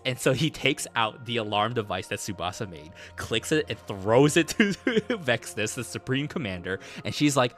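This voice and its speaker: A male streamer tells a long game story in a casual, rambling way, full of fillers, restarts and cursing. His pitch sits in an ordinary middle range but swings widely as he talks. Faint music plays behind him. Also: lively intonation, normal speed, hardly any pauses, a bit bright.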